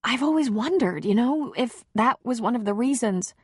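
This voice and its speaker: A narrator putting on a tearful, insecure woman, higher than her own voice and quick. The voice is a little husky and dry. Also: expressive, a little mellow, no echo. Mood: emotional.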